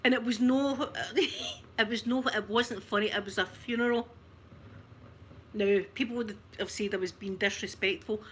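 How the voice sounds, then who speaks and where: A Scottish woman telling a funny family story on her livestream, chatty and animated, often breaking into laughter. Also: mid-range voice, moderate pace, a little hiss or hum. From Scotland. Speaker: ASMR livestream host.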